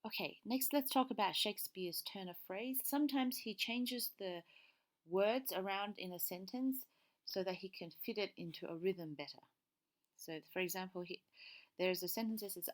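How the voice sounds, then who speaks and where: A woman's voice: medium pitch, normal speed. A woman teacher giving a recorded lesson, explaining patiently step by step and checking in with a frequent "okay".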